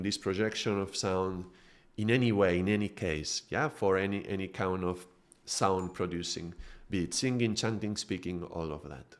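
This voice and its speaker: A man giving a live-streamed spiritual teaching talk, thoughtful and searching for his words, with a light laugh at himself. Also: fairly low pitch. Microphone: microphone.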